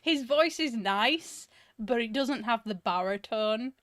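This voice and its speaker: A chatty woman talking casually on a stream, laughing between her remarks. Her pitch sits a little high. The sound is dry and close. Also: animated, takes it slowly, fairly bright tone, dry recording. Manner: giggly and chatty.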